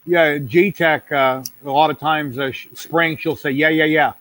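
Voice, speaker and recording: A middle-aged man hosts a casual video call hangout. His voice sits a little high for a man, and he talks in a rambling, folksy way, often falling back on "yeah, yeah". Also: fairly even intonation, unhurried, fairly bright tone. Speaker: host.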